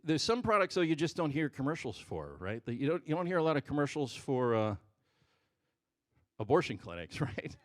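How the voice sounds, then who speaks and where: A man doing a stand-up comedy set on a stage microphone, jumping between loud punchlines and muttered asides. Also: a little high, sing-song, moderate pace, dry recording, studio quality.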